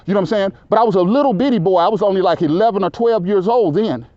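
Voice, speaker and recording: Loud rambling man in his fifties. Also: sits high, quick pace, no room sound. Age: 50s. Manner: rambling, repeats "you know what I'm saying", talks loud. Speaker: local resident telling his story. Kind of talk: casual conversation. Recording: dull lo-fi recording.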